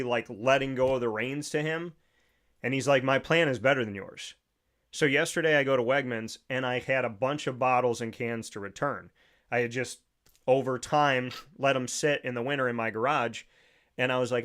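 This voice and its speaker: A sports talk show host with a medium-pitched, fairly bright voice tells a long personal story. He rambles casually and restarts many times.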